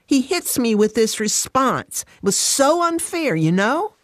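A woman voicing an upset, defensive working mother who protests in a high, emotional voice. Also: very animated, unhurried, no room sound, studio quality. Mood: frustrated, defensive.

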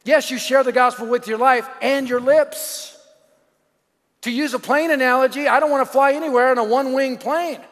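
At a normal speed, a middle-aged pastor relays stories from the pulpit with lots of energy, bellowing certain lines and nearly whispering others. His voice sits higher than is typical for a man and echoes with a long hall reverb.

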